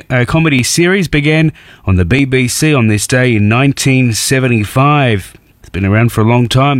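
A man's voice: mid-range voice, no room sound. Give me an upbeat radio host, a man with a dry, close sound. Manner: chatty and upbeat, reading out anniversaries. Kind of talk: radio chat between songs. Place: radio studio.

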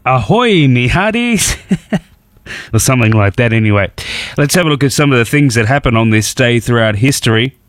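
A man's voice: mid-range voice, fast, dry recording, clean studio sound. A man hosting a radio show, chatty and upbeat as he talks between songs and reads out the day's anniversaries. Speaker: radio host. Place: radio studio.

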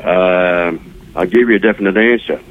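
A man's voice: low voice, moderate pace. A man with an Australian accent calling in to a radio show, laconic with dry humour. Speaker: caller. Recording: tinny phone line.

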